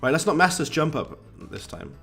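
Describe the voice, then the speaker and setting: A man's voice: fairly high pitch, big pitch swings, a little fast, gravelly, a bit bright, soft background music. A man, chatting casually and rambling to viewers while streaming a game. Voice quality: posh-sounding.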